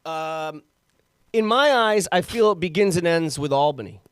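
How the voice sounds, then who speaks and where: A man's voice: a little high, animated, moderate pace, clean tone, no room sound. A man co-hosting a podcast from upstate New York, joking casually and swearing as he talks. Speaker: podcast co-host. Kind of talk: casual chat.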